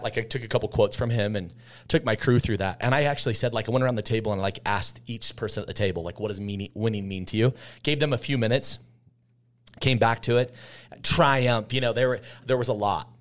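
A man's voice: on the low side, fairly quick. A man in his thirties, a podcast guest telling candid stories in an intense, emphatic way, repeating phrases for weight. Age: 30s. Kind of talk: candid conversational storytelling.

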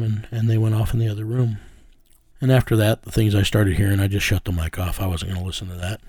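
A man's voice: medium pitch, gravelly, dark tone, dry recording. A middle-aged man, telling a first-person story in a plain, conversational way and acting out the dialogue. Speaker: private investigator.

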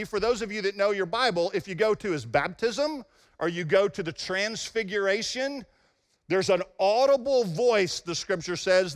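A man's voice: high-pitched, fairly bright tone. A man preaching a sermon as pastor, emphatic and often checking in with his congregation. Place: church sanctuary. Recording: long hall reverb in a church.

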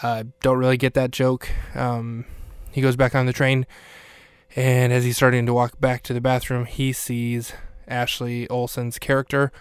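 A man hosting a podcast, recapping a scene in a casual way with wry, deadpan asides. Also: mid-range voice, normal speed, smooth, no room sound. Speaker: podcast host.

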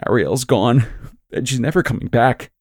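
A man voices a frightened teenage girl in grief, wailing and breaking into sobs in a lightly acted performance pitched above his own voice. His medium-pitched, darkish voice moves at a moderate pace, captured with clean studio sound and no echo.

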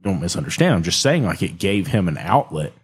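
A man's voice: sits low, sing-song, brisk, husky. A man in casual chat, telling stories and teasing his co-host. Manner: storytelling, teasing.

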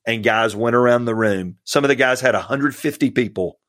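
A man's voice: medium pitch, fairly quick, no echo, clean studio sound. A man, a pastor, telling stories in an earnest, heartfelt way as a podcast guest. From Georgia, US. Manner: earnest storytelling, warm about mentors. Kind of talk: casual interview chat.

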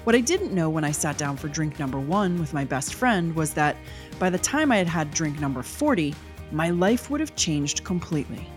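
Low-voiced woman podcast host with a cold. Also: sing-song, normal speed, faint music behind. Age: 40s. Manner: reflective storytelling. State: has a cold, gravelly nasal voice. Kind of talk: podcast intro narration and interview.

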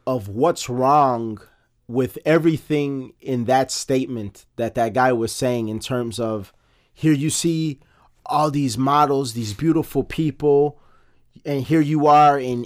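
Male co-host, casual halting storyteller, filler-heavy, average pitch. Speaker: podcast co-host. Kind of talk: casual chat.

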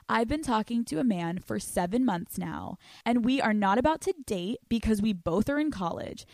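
Recorded dry in studio quality, this young podcast host speaks at a medium pitch. Her casual monologue has her reading out listener questions and answering them in a brash, profane way, with plenty of laughter.

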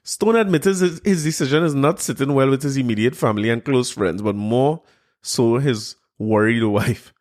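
A man's voice: mid-range voice, normal speed, a little mellow. A man, mocking a news article he reads aloud, incredulous and laughing at it. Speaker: commentator reacting to a news article. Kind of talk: mocking commentary on a news story.

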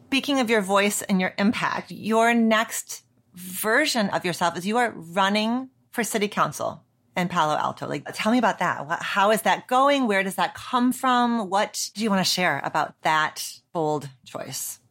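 A woman's voice: medium pitch, lively intonation, normal speed, fairly bright tone. A woman podcast host who interviews conversationally, affirming and inquisitive.

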